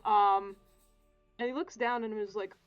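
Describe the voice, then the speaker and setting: A woman playing a tabletop role-playing game, describing her character's actions in a casual, halting way. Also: mid-range voice, fairly even intonation, dull audio, faint music behind. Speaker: player.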